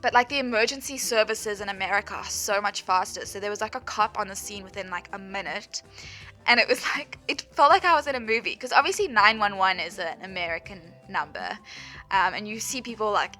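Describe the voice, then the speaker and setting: Bright-voiced woman telling a story. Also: medium pitch, brisk. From South Africa. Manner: chatty, lots of "like", laughs often while telling. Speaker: vlogger. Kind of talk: storytime voice-over. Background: faint background music.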